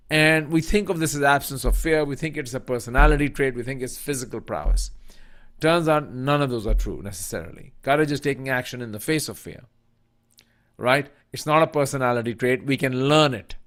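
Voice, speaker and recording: A man's voice: medium pitch, fairly bright tone. A middle-aged man from India telling a personal story in a talk as a professor and author. He tells it vividly, acts out the voices he quotes and leans on plenty of fillers. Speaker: business school professor and author.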